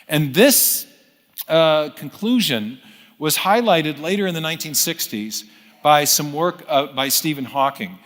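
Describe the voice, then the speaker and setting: A man's voice: a little high, normal speed, a bit bright. A man in his role as philosopher of science, telling an unscripted lecture story with frequent self-corrections and restarts. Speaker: philosopher of science giving a talk. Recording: long hall reverb.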